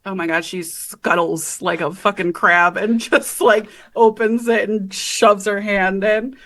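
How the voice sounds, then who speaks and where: A woman's voice: medium pitch, fairly even intonation, a little slow, fairly bright tone. A woman playing in a tabletop game, chatting casually, giggly and full of fillers. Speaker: player. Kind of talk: casual chat.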